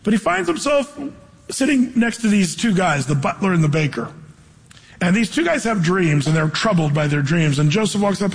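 A man preaching a sermon, reading scripture and then retelling the story in a casual, animated way with playful asides. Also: high-pitched, a little fast, slightly rough, long reverb tail, poor audio.

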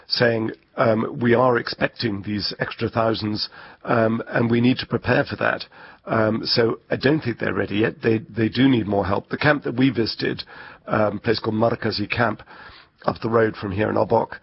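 A man reporting as a foreign correspondent, first in a packaged news report and then live, with measured delivery and frequent ums when answering. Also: mid-range voice, vocal fry, breathy edge. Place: outdoors by the sea. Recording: dull lo-fi broadcast audio with faint crowd.

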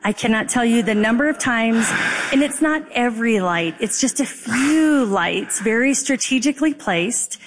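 A woman's voice: on the high side, lively intonation, moderate pace. A woman as a guest on a radio talk show, speaking in an upbeat way and explaining marriage advice.

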